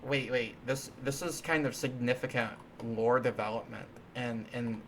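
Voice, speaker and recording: A man's voice: medium pitch, fairly even intonation, normal speed, fairly bright tone, slight background noise. A man hosting a live stream, chatting casually while coding, rambling and playful, with many restarts and fillers. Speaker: livestream host.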